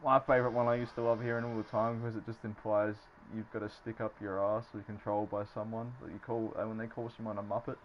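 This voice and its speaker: A man's voice: on the low side, flat delivery, fast talker, hardly any pauses, highs cut off, slight background noise. A man with an Australian accent chatting casually on a livestream, rambling, swearing freely and laughing often. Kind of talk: casual chat.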